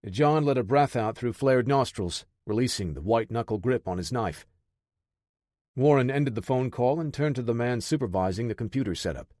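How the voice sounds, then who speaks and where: In a studio-quality recording with no echo, a medium-pitched man narrates a military action audiobook from a script, keeping his reading steady and measured.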